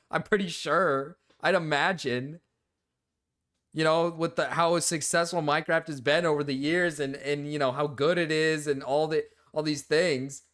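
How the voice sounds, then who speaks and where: A man live-streaming casually, reacting to videos and talking to chat, excitable and quick to yell, then sheepishly apologize. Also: fairly high pitch. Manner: excitable, swings between yelling and sheepish apologies.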